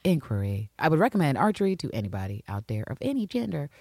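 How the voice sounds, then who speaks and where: A woman co-hosting a podcast in casual chat, animated and swearing, laughing often. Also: low-pitched, quick pace, no echo, studio quality. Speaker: podcast co-host.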